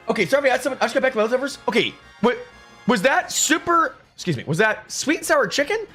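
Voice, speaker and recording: Upbeat streamer man, lively voice. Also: extremely high pitch, fast, faint music behind. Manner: chatty, reads chat aloud, upbeat. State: chewing food at times. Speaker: livestreamer. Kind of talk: casual live stream chat.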